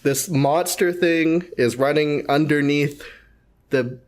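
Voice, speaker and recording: Animated man casually recapping a film. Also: a little high. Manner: animated, laughs often, retells scenes with quick asides. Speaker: co-host of a movie review show.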